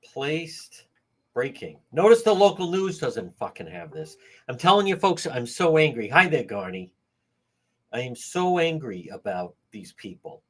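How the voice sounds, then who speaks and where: A man's voice: mid-range voice, big pitch swings, unhurried. A man hosting a livestream, talking heatedly and indignantly to his viewers and greeting them by name. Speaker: livestream host.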